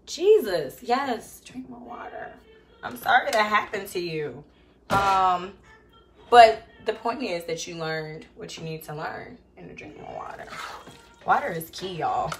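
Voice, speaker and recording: A woman's voice: mid-range voice, very animated, a little slow, creaky, a little hiss or hum. A woman hosting a casual cooking stream from a home kitchen, chatting loosely while she cooks and sharing faith-based encouragement. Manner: chatty, preachy, loose and conversational. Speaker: cooking show host.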